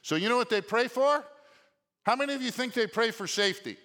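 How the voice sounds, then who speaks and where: A male pastor preaching a sermon in an animated way, often asking the congregation questions. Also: extremely high pitch, brisk, very noisy. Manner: animated, asks the congregation questions, shouts quoted lines. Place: church sanctuary. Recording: long reverb of a church hall.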